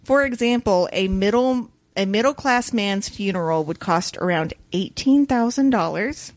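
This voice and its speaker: Woman cohost on a book podcast, mid pitch, talky and explainy, dead dry room. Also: moderate pace, no echo. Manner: animated, explains a researched topic with frequent "so" and "like". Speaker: podcast co-host. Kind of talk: casual book-club chat.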